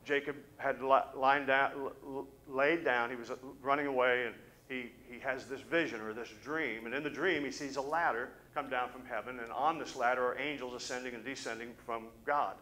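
Male pastor, mid-range voice, animated storyteller in a Sunday sermon. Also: medium pitch, normal speed, hardly any pauses, a little hiss or hum, rough recording. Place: church service.

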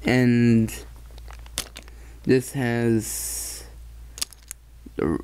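Guy reviewing toy trains, slow and hesitant, keeps fixing what he says, mid pitch. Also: little pitch movement, a little mellow, slight background noise. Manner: hesitant, halting, corrects himself often. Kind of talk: casual product review.

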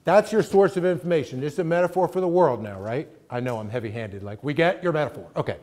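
A man's voice: a little high, animated, quick pace, darkish tone. Emphatic middle-aged male lecturer. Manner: emphatic, keeps checking in with "right?". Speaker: guest lecturer. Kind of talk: conversational college lecture.

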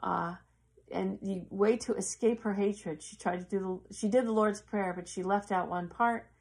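A woman in casual, earnest storytelling, halting and acting out the voices of the people in her story. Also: medium pitch, fairly even intonation, a little mellow. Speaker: yoga teacher.

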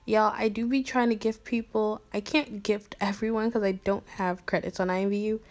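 A young woman YouTuber chatting casually and playfully to her fans, slangy and quick to laugh. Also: medium pitch, fairly even intonation, darkish tone. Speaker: YouTuber replying to fan messages. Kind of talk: casual chat.

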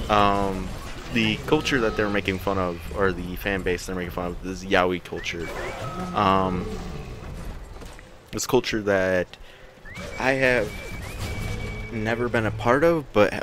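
A man rambling casually with many ums and chuckles while commenting on a video game. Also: low voice. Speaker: game streamer.

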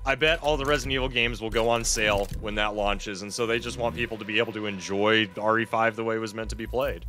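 A man's voice: lowish voice, fairly even intonation, fast, bright, forceful tone, slight background noise. A man streaming a video game, chatting casually with viewers, swearing freely and laughing often. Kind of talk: casual gameplay commentary.

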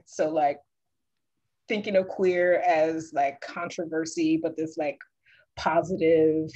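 Animated low-voiced storyteller on a call. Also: female voice, poor audio. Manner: animated, laughing storyteller who acts out quoted voices. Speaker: guest dance artist. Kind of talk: casual storytelling on a video call.

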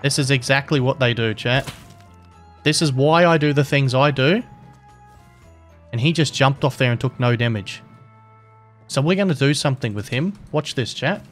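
A man's voice: mid-range voice, moderate pace, pauses often, a bit bright, soft background music. A young man commentating his game live, cheeky and taunting, swearing freely. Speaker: gaming streamer and server admin.

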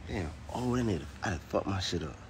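A man's voice: sits low, animated, a little fast. Laughing, teasing man on noisy video. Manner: laughing, teasing, loose and profane. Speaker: vlogger and father. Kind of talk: casual vlog chat while filming his toddler.

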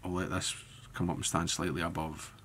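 Low-voiced man. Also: fairly quick, slight background noise. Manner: relaxed, thinking aloud while working with hands. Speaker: fly tying instructor. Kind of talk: step-by-step tutorial narration.

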